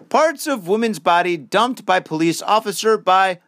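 Loud, laughing male podcast host. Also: sits high, lively intonation, normal speed. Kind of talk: casual drinking-show chat.

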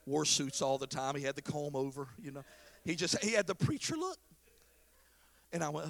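Gravelly high-voiced preaching man. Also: big pitch swings, brisk. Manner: swings from shouted preaching to quiet storytelling. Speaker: pastor. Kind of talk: sermon.

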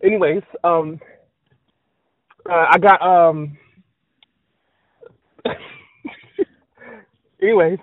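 A high-pitched man rambling through a scattered monologue and stumbling over fillers and trailing asides. His voice comes through thin, phone-like audio with a close, dry sound. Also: steady tone, extremely slow, pauses often, no echo.

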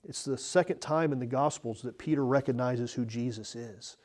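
Pastor with a mellow voice, preaching earnestly. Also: male voice, mid-range voice, moderate pace. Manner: earnest, emphatic preaching with swings between loud and soft. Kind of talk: expository sermon. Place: church, speaking from the pulpit.

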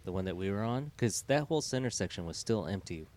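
A man's voice: fairly low pitch, animated, fast talker, a little mellow. A man guest on a podcast, telling stories in a laid-back, wry way during a live recording on an outdoor patio. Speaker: guest, boat owner. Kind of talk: casual chat.

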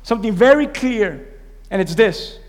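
A man preaching a sermon, pausing to quiz his congregation and have them repeat lines back. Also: high voice, lively intonation, long reverb tail. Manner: call-and-response preaching, quizzing the congregation. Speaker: pastor. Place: church sanctuary.

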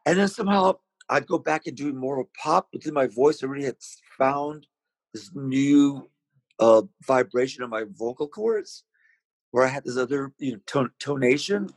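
Husky-voiced man telling stories. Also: medium pitch, no echo, rough recording. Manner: rambling, animated, with many restarts. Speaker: interview guest, singer. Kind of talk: casual storytelling.

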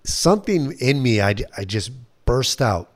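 A man, a missionary, telling a personal story in a lively way, acting out what others said and laughing at himself. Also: medium pitch, a little slow. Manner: animated retelling, acts out quoted voices, laughs at himself.

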